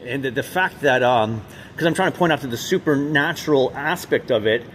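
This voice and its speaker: A man talking in an unscripted monologue, rambling and halting with many restarts and fillers, and speaking with intense emphasis. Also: medium pitch, fairly bright tone, slight background noise. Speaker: vlogger.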